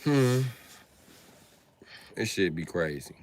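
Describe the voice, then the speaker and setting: Slow and sing-song in a low-pitched voice, a man hosting a livestream from his setup launches into a profane rant. His tone is heated, crude, and combative.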